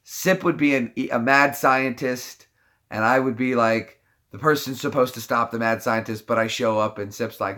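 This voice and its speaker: A man's voice: mid-range voice, fairly quick, fairly bright tone. Playful man with a stuffy nose. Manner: playful, jokey, laughs between bits. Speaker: live streamer. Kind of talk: casual chat with impressions.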